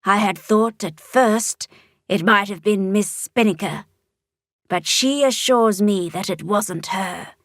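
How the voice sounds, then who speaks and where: A woman's voice: takes it slowly, dry recording, clean studio sound, lightly acted. Carmen, growly monster mayor, voiced by a woman. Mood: gentle, solemn. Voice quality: low, growly. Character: low growly female monster mayor, kindly.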